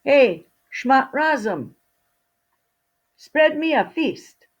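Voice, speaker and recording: A humble young archer from a storybook, friendly and good-natured, as a woman storyteller puts him on. The voice is husky and lively. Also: medium pitch, unhurried, dull audio, voice pushed up.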